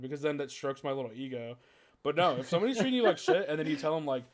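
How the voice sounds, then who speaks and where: A man's voice: medium pitch, fast. Fired-up man ranting on a podcast. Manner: heated, profane rant, lots of "like" fillers. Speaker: podcast host. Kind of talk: casual podcast chat.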